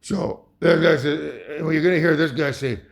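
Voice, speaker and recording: Profane, heated man, fairly high voice. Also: normal speed, creaky. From Ontario, Canada (Saugeen First Nation). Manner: heated, profane, emphatic with many restarts. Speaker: video commentator. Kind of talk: rambling commentary over a video.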